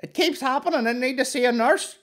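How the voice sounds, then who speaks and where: A man putting on a woman patient's voice, high and urgent. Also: fairly quick, fairly bright tone. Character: panicked woman patient at a clinic.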